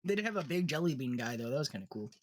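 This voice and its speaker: A man in easygoing conversation on a podcast, chuckling between remarks and circling back to restart his sentences. His pitch sits in an ordinary middle range for a man. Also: very fast. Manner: relaxed, laughs often, trails off and restarts. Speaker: podcast co-host. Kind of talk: casual chat.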